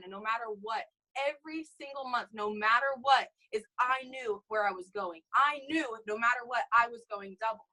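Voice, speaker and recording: A young woman giving an energetic motivational talk to her sales team, calling out "you guys" and "okay?" all the time. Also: on the high side, low-quality recording. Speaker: network marketing team leader.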